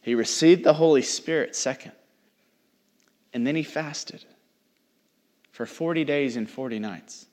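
A young man preaching a sermon, reading scripture and then talking in an animated, teasing way, acting out people he quotes. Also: a little high, a little slow, pauses often. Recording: long hall reverb.

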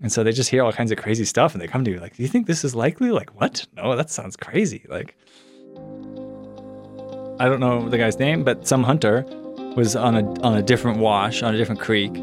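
A young man telling a personal story in a casual, rambling way, full of "like" fillers and acted-out quotes. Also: mid-range voice. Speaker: son of a missing hunter, guest.

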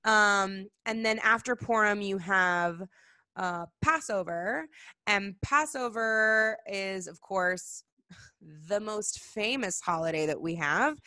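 A young woman with a bright, forceful voice tells stories in a casual chat, full of "like" and laughter. She slips into little character voices as she explains. The sound is dry and close. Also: mid-range voice, takes it slowly, dry recording. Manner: animated storytelling, acts out voices, frequent "like" and laughs. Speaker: guest explaining Jewish holidays.

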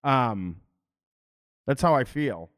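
A man's voice: medium pitch, animated, takes it slowly. A man hosting a casual stream, blunt and joking, with frequent swearing. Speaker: stream host. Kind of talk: casual chat.

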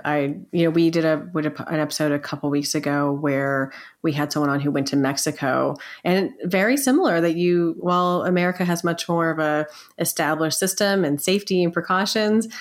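A woman's voice: low-pitched, normal speed. A woman hosting a podcast interview, speaking in a reassuring, conversational way. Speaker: podcast host. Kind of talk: casual interview.

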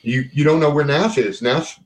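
A man narrating as game master in a tabletop game, with a relaxed and plain delivery. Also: a little high, moderate pace, rough recording.

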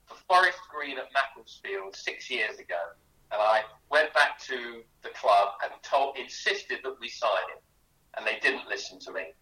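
A man's voice: medium pitch, animated, normal speed, pushed and bright, reverberant, far from the mic, poor audio. A man, a guest author on a radio interview, telling chatty anecdotes with many restarts. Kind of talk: animated storytelling in a radio interview.

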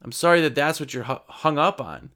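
Guy talking sales tips to the camera, kinda high voice, bounces around a lot, acts out customers. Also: big pitch swings, fairly quick, bright, forceful tone. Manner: conversational, acts out customer exchanges. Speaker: window cleaning business owner. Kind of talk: casual sales advice talk to camera.

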